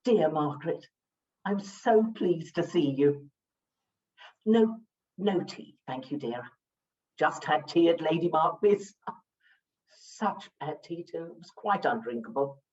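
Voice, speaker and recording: A grand, gossiping duchess , played by an actress, relishes every scandal in a low voice that rises and falls broadly. She sounds well back from the microphone. The recording is dull and lo-fi. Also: lively intonation, takes it slowly, long pauses, darkish tone, distant mic. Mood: gossipy. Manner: grand, gossipy, theatrical delivery. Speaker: amateur stage actress. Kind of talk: stage play performance.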